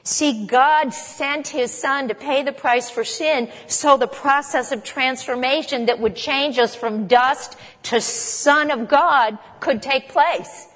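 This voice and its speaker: A woman's voice: sits high, slow pace, few pauses, fairly bright tone, long reverb tail. A woman preaching a sermon in a conversational, emphatic way, often asking her listeners questions. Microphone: camera.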